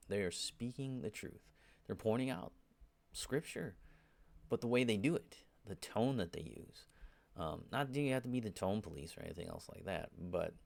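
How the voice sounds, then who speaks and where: In a mid-range voice that's creaky and a little mellow, a man gives an informal Bible teaching. He keeps checking in with "right?" and "you know," and grows emphatic when urging his listeners.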